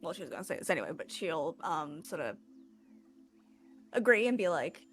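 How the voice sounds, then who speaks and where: Woman streamer at a game table, chatty and giggly, mid pitch, soft music bed. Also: expressive, fast. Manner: chatty, giggly, many restarts. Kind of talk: casual tabletop game chat.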